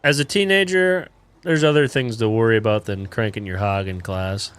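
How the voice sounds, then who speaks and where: A man's voice: lowish voice, moderate pace, a bit bright, clean tone. A man in his twenties, a livestreamer telling a crude story in laid-back, rambling casual chat full of fillers.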